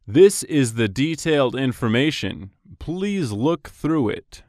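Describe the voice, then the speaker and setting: A man reading scripted business dialogues for English practice, slow and carefully enunciated. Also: medium pitch, sing-song, darkish tone, no room sound, studio quality.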